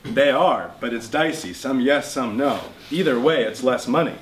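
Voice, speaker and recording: A man's voice: mid-range voice, moderate pace, lightly acted. A man reading the part of a stubborn old immigrant grandfather who talks in clipped, emphatic English. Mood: insistent. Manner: emphatic, insistent, raised and louder voice. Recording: roomy bookshop with faint noise.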